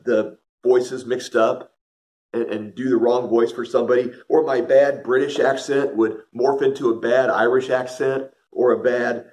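Earnest middle-aged man giving a devotional talk. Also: mid-range voice. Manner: earnest, storytelling, addresses listeners directly. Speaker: devotional speaker.

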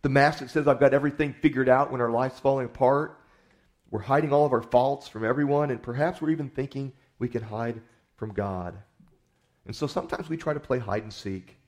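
A man's voice: mid-range voice, a little fast. A male pastor giving a sermon in a folksy, conversational storytelling manner, often repeating his words as he goes.

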